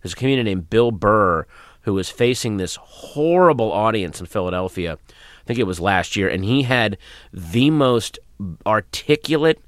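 A man, a comedian, answering interview questions in a radio studio, thoughtful and given to trailing off into soft asides. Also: fairly low pitch, animated, moderate pace, no room sound. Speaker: comedian guest.

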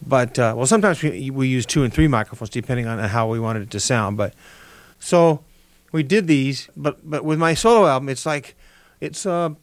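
Older man, halting radio guest, middle pitch, dry studio sound, loose rambling speech. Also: lively intonation, dry recording. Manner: halting, restarts, many fillers. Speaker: interview guest, musician. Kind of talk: radio interview.

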